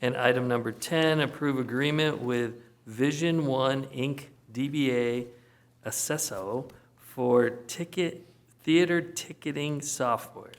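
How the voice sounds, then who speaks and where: A man presiding over a board meeting with brisk procedure and dry humor. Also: mid-range voice. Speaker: council member presiding over a district board. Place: council chamber.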